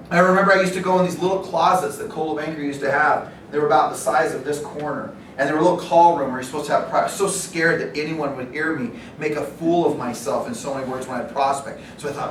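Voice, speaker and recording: Middle-aged guy training sales agents, kinda high voice, echoey far-off room, bit of rumble. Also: quick pace. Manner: animated storyteller, acts out quotes, laughs often. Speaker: real estate sales trainer. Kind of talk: live training talk to agents. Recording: roomy, distant, faint rumble.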